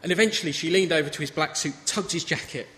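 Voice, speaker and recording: Talking fast in a fairly high, sharp voice, this thirty-something man delivers a sermon like a chatty storyteller. A reverberant hall with faint ambience surrounds his conversational, anecdotal preaching.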